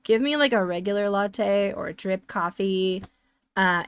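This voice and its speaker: A woman's voice: mid-range voice, unhurried, smooth, no room sound. A woman streamer chatting casually while playing a game, rambling and sarcastic as she answers chat.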